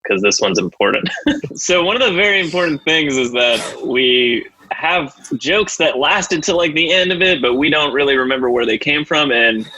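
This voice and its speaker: A man's voice: a little high, expressive, moderate pace, sharp tone, slightly rough, lo-fi sound. A man hosting a podcast in casual chat, telling stories and laughing at them often. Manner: chatty, laughs at his own stories. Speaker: podcast host.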